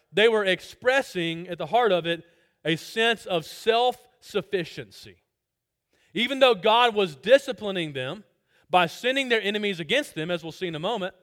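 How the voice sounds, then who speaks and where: A man preaching an expository sermon, swinging between loud emphatic lines and quiet low asides. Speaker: pastor.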